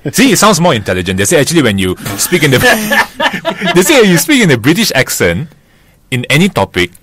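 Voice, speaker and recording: A man's voice: fairly high pitch, wildly swooping pitch, brisk, crowd noise. A man co-hosting a casual talk show, rambling through his points with many restarts and much laughter. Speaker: co-host. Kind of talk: casual chat.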